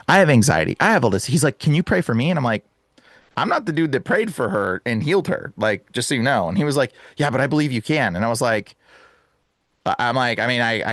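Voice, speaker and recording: A young man, a guest exorcist, telling a story in casual chat, animated and acting out the voices, saying "bro" a lot. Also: medium pitch, no echo. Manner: says "bro" and "like" often.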